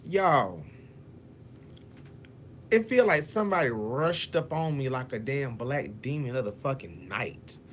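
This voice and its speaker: A man's voice: mid-range voice, animated, unhurried, long pauses, slight background noise. A man telling a story to his viewers, cursing freely and acting out what each person said. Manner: profane, dramatic, addresses viewers as y'all; acts out quotes in shifting voices. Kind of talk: animated storytime vlog.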